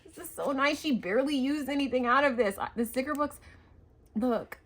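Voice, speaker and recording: A woman hosting a craft vlog, unboxing happy mail with excited gasps and gushing chatter. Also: high-pitched, fairly quick. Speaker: craft channel host.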